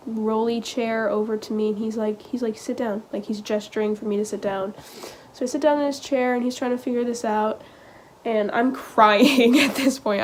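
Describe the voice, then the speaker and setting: A teenage girl vlogging, telling a personal story in a halting, casual way full of "like" and "um.". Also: fairly high pitch, a little hiss or hum. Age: teens. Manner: hesitant, halting, heavy use of "like" and "um".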